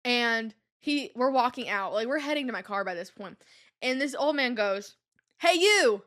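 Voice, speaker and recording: High-voiced young woman telling stories animatedly. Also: normal speed. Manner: animated and exasperated, with lots of fillers like "like" and "um". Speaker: podcast host. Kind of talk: casual storytelling monologue.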